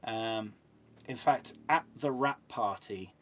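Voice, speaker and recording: A man with an English accent, an actor guest telling anecdotes in a relaxed interview chat with frequent ums. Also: fairly low pitch, slow, a little hiss or hum.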